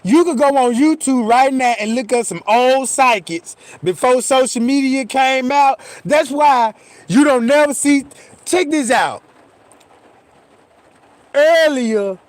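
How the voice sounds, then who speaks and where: A man giving reaction commentary, animated and profane, who keeps turning to his viewers with questions. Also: very high voice, no echo.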